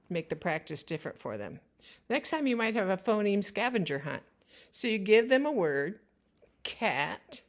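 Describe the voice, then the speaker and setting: Speaking at a medium pitch, a woman teacher gives instructional narration for parents. She's slow and careful, spelling out the sounds of words.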